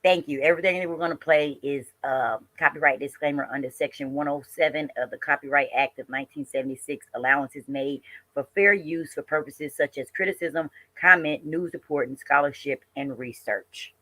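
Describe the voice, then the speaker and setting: A woman's voice: low voice, brisk, fairly bright tone, no room sound. A woman hosting a casual reaction commentary, chatty and talking straight to her viewers. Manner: chatty, addresses viewers as y'all and honey. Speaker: host reacting to a clip.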